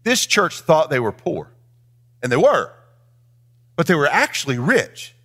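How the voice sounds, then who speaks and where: A man's voice: fairly high pitch, very animated, measured pace, a bit bright. A male pastor preaching a sermon in a church, speaking straight to his congregation and swinging his lines up into a sing-song emphasis.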